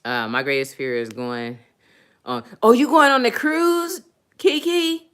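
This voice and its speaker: A woman hosting a casual livestream, reading chat comments aloud and laughing loudly between remarks. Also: on the high side, a little slow. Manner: loud laughing, playful, animated. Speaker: livestream host.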